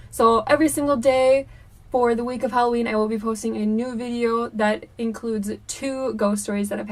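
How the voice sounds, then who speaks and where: A young woman YouTuber telling a spooky personal story to camera in a chatty, animated way, full of "um" and "like.". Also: on the high side, far from the mic. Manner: chatty, animated, many fillers like "um" and "like".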